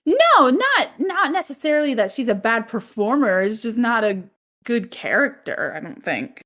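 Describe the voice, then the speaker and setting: A woman's voice: on the high side, very animated, moderate pace, bright, forceful tone. A woman co-hosting a movie podcast, chatting casually, often groaning and laughing. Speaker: podcast co-host.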